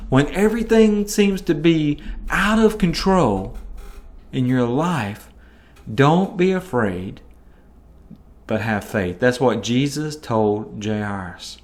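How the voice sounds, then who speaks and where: A man hosting a podcast, teaching a Bible passage in an informal, conversational way and breaking into animated quoted voices. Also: medium pitch. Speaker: podcast host teaching scripture.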